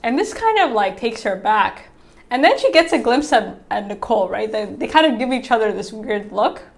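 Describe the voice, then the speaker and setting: A woman's voice: fairly high pitch, animated, moderate pace. A woman giving a casual TV episode recap, chatty, peppering her talk with "like" and "right?", acting out characters' lines in her own voice. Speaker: TV reviewer.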